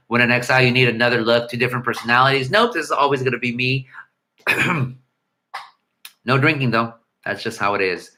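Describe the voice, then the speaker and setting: A man's voice: mid-range voice, fairly quick, sharp tone. A middle-aged man hosting a casual livestream at home, reading viewer comments and rambling, often humming and scatting tunes. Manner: rambling, hums and scats melodies. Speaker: livestream host. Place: home room.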